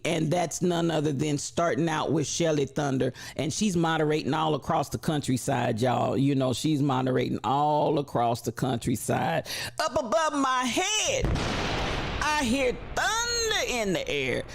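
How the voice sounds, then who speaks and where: Gravelly, animated man hosting a stream. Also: on the high side. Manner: animated, repetitive preacher-like cadence. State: gravelly from allergies. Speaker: livestream host. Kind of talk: live stream greetings and shout-outs.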